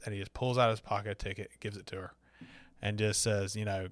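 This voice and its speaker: A man's voice: lowish voice, little pitch movement, fast, a bit bright, dry recording. Southern man telling a story, dry sound. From Alabama, US. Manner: chatty, with frequent fillers and restarts. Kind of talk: casual storytelling.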